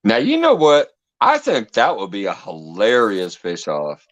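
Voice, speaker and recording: A man chatting casually on a live stream, joking and eagerly pitching ideas. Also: huge pitch swings, a little slow.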